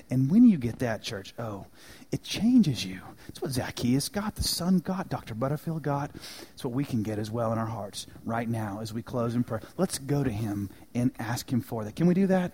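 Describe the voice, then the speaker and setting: A man preaching a sermon in a church, telling a story with dramatic swings from loud emphasis to hushed, quiet lines. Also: fairly high pitch. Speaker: pastor.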